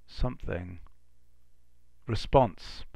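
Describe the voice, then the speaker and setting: Low gravelly man reading aloud casually. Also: warm tone, dry recording. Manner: muses aloud, reads old letters haltingly with asides. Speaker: live-stream host reading archival letters.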